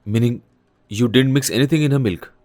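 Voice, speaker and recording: A man's voice: medium pitch, fairly quick, darkish tone, no room sound, close to an everyday voice. A man as a guilty pleading husband. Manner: pleading, flustered.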